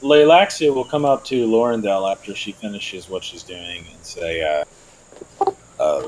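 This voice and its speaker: A man's voice: lowish voice, unhurried, darkish tone, a little hiss or hum, low-quality recording. A man playing a tabletop game online, asking puzzled questions in character. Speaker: player. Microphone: online voice chat.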